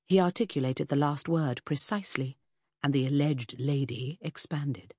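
A woman reading a novel aloud in first person, measured and descriptive with a gently wry touch. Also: sits low, no echo, studio quality. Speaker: audiobook narrator. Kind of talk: scripted first-person narration.

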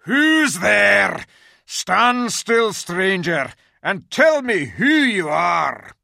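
A reader voicing a fierce male grey wolf who guards a witch's house, growling and shouting orders in a raised pitch. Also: big pitch swings, drawn-out words, gravelly, no room sound, studio quality, exaggerated voice. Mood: menacing.

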